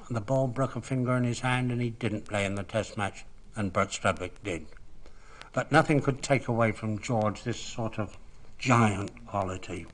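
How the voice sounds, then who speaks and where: An older man, telling cricket anecdotes in an unhurried, reminiscing way. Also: low voice, a bit bright, poor audio. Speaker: cricket broadcaster. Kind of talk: reminiscing storytelling.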